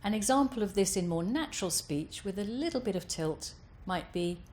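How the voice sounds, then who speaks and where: A woman voice coach giving calm, careful instructions over vocal exercises. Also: mid-range voice, moderate pace.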